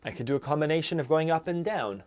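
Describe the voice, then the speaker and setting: A man teaching an accordion lesson, explaining chords and counting beats in a relaxed way. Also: a little high, quick pace, highs cut off. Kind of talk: music lesson. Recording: accordion music loud in background. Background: accordion playing.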